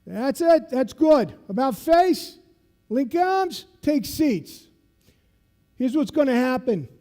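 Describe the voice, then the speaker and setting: A man doing a loud South Boston drill instructor. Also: very high-pitched, very animated, slow pace, faint music behind, voice pushed up, heavily acted. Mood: commanding. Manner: barking orders through a megaphone. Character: loud gruff male drill instructor barking orders. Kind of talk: storytelling impression in a keynote.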